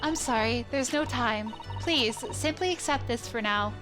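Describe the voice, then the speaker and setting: A woman's voice: a little high, a little slow, lightly acted. A woman voicing a polite, earnest young female assistant in a game, reading the lines formally and courteously over game music.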